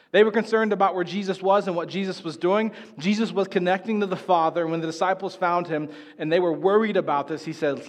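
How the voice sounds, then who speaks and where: A man with a fairly high voice delivering a sermon. He talks in a relaxed, chatty way, keeps tossing "right?" to the congregation, and lifts his energy as he acts out the story. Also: a little fast, few pauses. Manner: conversational, animated preaching with frequent "right?". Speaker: pastor.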